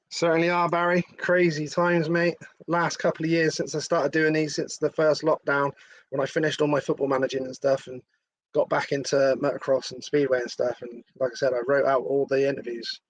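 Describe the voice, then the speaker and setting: A man's voice: on the high side, no echo. A middle-aged man from hosts a live stream in a slightly raised voice. He chats loosely, swears freely and answers viewers' comments. The sound is dry and close, with little room. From England. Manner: chatty, swearing, laughing, reading out viewer comments. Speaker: host. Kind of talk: casual live-stream chat.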